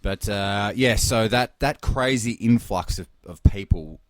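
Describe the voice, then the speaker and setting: A man with a very low, deep voice tells his travel stories in a loose, rambling way. He is chatting casually on a podcast. The sound is dry and close, with no room echo. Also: measured pace. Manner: rambling anecdotal storytelling. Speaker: podcast co-host back from travel. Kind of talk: casual chat.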